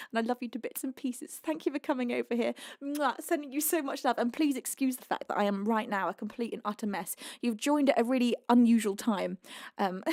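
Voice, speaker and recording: Hosting a music livestream as a singer, a young woman from the UK reads donations aloud in a casual way, laughing and crying, breathless and emotional. Her slightly mellow voice sits on the high side, and the studio sound is clean and dry.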